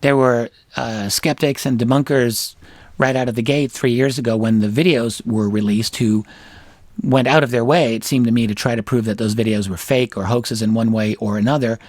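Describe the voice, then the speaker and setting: A middle-aged man talks through a solo analysis at a measured, deliberate pace, pausing on fillers and restarting phrases as he thinks. His voice sits at an ordinary male pitch and is recorded dry and close, with no room around it. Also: fairly even intonation, a little mellow, no echo. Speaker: show host.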